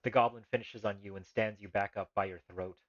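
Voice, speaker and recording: Man, streamer, reading a text game aloud, rambling asides, low voice, dry dull mic. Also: steady tone, fairly quick, a bit bright, dry recording. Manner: rambling asides with laughs and restarts. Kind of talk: live-streamed text adventure, reading and commenting.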